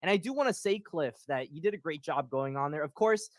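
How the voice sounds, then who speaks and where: A man's voice: a little high, expressive, fairly quick, no room sound, clean studio sound. A man who runs a crypto channel, guesting on a livestream call and speaking emphatically in a rambling, supportive way. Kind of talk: casual livestream talk.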